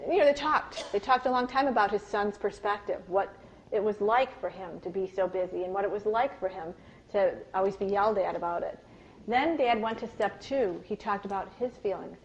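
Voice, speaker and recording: A woman giving a live parenting workshop talk to an audience, telling stories with animated, acted-out quotes. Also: mid-range voice, lo-fi sound, slight background noise. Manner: animated storytelling, acts out quoted voices.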